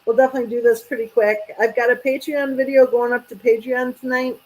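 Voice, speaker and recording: A woman's voice: on the high side, little pitch movement, fast talker, low-quality recording. A woman hosting a casual chat, rambling and trailing off, sleepy. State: sleepy, yawning. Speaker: channel host.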